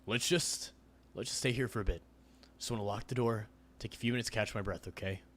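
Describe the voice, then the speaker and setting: A man voicing a tall, protective young man in a visual novel read-aloud, speaking low and soothing. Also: fairly even intonation, brisk, fairly bright tone. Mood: calming.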